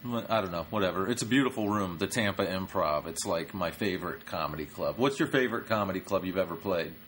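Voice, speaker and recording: A man's voice: sits low, fast talker, fairly bright tone, slight background noise. A man, a stand-up comedian hosting a podcast, chatting in a blunt, profane way with dismissive asides. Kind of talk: casual chat.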